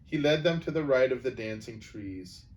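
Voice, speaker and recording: A man reading a children's novel aloud, expressive and changing his voice for the characters. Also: mid-range voice, normal speed, recorded from a distance. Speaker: storyteller.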